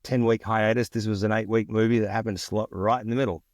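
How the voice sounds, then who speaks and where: Aussie guy in his 40s, lowish voice, chatty storyteller, dry close sound. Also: quick pace, dry recording. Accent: Australian. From Australia. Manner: chatty, lively, acts out quoted voices. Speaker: guest. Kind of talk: casual storytelling interview.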